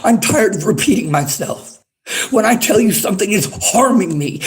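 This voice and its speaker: A man's voice: a little high, lively intonation, fairly quick. Agitated man ranting, heavy swearing. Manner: angry, profane, repetitive. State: agitated, worked up. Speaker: streamer. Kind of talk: livestream rant at chat. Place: library.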